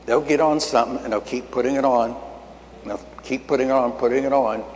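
An older man preaches in a folksy, storytelling way, acting out conversations and building to emphatic peaks. His voice sits at a middle pitch. A long reverb trails behind him in a large hall, with faint ambient noise underneath. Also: fairly quick, a little mellow. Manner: folksy, acts out dialogue, rising to emphatic peaks. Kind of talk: sermon storytelling.

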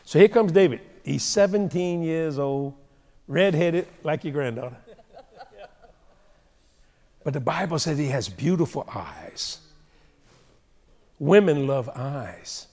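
A male preacher delivering a sermon with humorous, animated storytelling, recorded in a large hall with a long reverb. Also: on the high side, takes it slowly, long pauses.

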